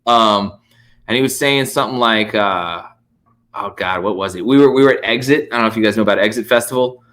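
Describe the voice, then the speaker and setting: A man, a podcast guest, telling stories in casual, animated chat full of fillers and swearing. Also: lowish voice, a little fast. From United States.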